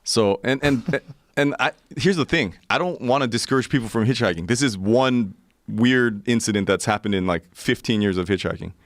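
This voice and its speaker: A man's voice: medium pitch, moderate pace, dry recording, clean studio sound. A man in his forties telling a profane, vivid story as a podcast guest. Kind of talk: casual storytelling.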